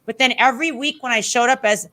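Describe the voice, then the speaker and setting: Bright, animated woman telling stories. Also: a little high, fast talker. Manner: animated, acts out quotes with shifting voices. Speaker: podcast guest, former wrestling interviewer. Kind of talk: casual storytelling chat.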